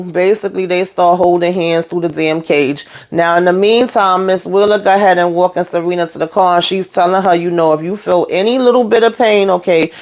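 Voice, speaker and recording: A woman hosting her own channel, casually recapping a TV episode in a chatty, emphatic way, talking straight to her viewers. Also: lowish voice. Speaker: TV show recap host.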